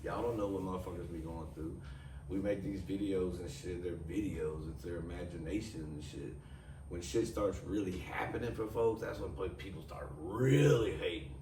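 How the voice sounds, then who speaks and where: A man's voice: low voice, normal speed. A man, a guest telling long, profane, rambling stories in casual chat. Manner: profane, rambling, animated storyteller. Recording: roomy, distant mic, noisy.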